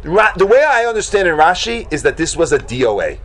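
Teaching Talmud to his students, a man with a high voice talks a little fast and casually, filling his speech with fillers. He stays animated, acting out exclamations of shock.

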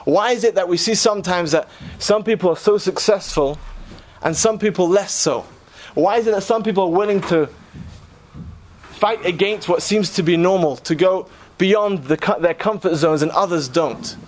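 A man's voice: high voice, moderate pace, slight background noise. A man preaching, telling a story earnestly and posing rhetorical questions to his listeners. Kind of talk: sermon storytelling.

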